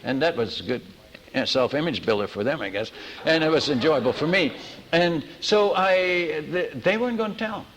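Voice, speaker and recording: A man preaching as a missionary, telling stories in a lively sermon, acting out the people in them and often restarting his sentences. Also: a little high, normal speed, long reverb tail. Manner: animated, acts out dialogue, many restarts. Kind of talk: storytelling sermon.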